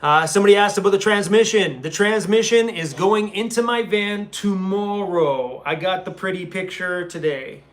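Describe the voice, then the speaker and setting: A man's voice: high voice, moderate pace, hardly any pauses. Laid-back guy on a live stream. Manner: laid-back and chummy, calls viewers bro and man, laughs often. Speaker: van-life YouTuber hosting a live stream. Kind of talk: casual live-stream chat, reading viewer comments. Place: hotel room, seated on a small chair.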